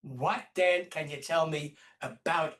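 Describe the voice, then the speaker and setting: A male interview host asks his guest a question in a slow, measured way. His voice sits a little higher than most men's. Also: a bit bright.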